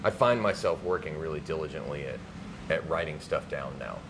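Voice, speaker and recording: A man, a stand-up comedian, talking reflectively and haltingly about his writing habits in casual chat. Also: extremely low pitch, expressive. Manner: reflective, halting, repeats words. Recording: noisy background hiss.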